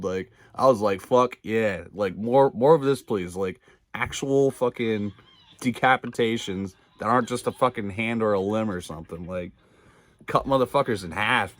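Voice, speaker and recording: A man's voice: lowish voice, no room sound. A man casually recapping a TV episode, rambling with many fillers, cursing freely and laughing along. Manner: rambling, profane, filler-heavy, laughs often. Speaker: video reviewer.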